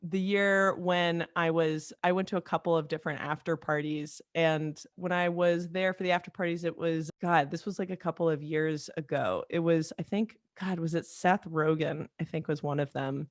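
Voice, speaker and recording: A woman guest, a comedy writer, chatting casually in an interview, animated and full of quick restarts and asides. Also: sits low, dry recording, studio quality.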